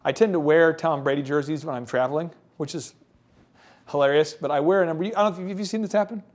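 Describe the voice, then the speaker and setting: A man in a casual business podcast chat with a fairly high voice that climbs and falls as he tells jokey stories. He is animated and self-deprecating, often dropping into quick impressions of the people he describes. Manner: animated storyteller, acts out other people's voices.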